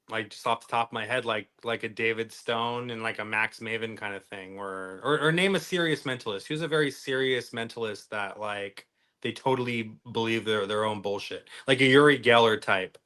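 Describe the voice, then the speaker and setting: A man's voice: lowish voice, moderate pace, bright, forceful tone. A man co-hosting a magic podcast, talking in a rambling, casual way with lots of fillers and trailing off at the ends of thoughts. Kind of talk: casual chat.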